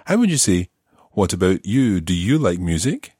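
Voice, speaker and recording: A man's voice: sits low, sing-song, moderate pace, warm tone, slightly rough, dry recording, studio quality. A man teaching a language lesson, explaining grammar patiently and methodically.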